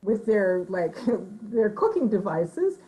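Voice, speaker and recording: Animated woman author in conversation. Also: medium pitch, slow, low-quality recording. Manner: animated, slips into voices when quoting people; thoughtful, frequent hedging fillers. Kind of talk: conversational interview answer.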